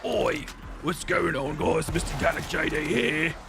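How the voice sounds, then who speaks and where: A man's voice: fairly high pitch, flat delivery, a little slow, creaky, noisy background. A man putting on a bad, exaggerated mock Manchester English accent as a rowdy young male football hooligan YouTuber. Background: game music.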